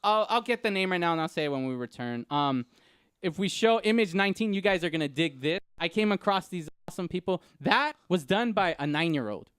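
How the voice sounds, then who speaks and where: A man co-hosting a podcast in casual chat, telling stories in an excitable, rambling way. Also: high voice, a little fast, clean tone, no room sound, studio quality. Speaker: podcast co-host.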